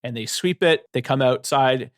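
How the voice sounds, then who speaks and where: A man's voice: mid-range voice, normal speed, no room sound, studio quality. A man co-hosting a book podcast, retelling a horror novel's plot loosely, with lots of fillers. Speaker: podcast co-host. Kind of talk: casual book discussion.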